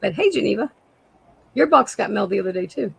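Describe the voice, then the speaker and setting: A woman with a raspy voice, a guest seller chatting casually on a live sale and describing jewelry pieces. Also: mid-range voice, animated, fast, slight background noise, low-quality recording.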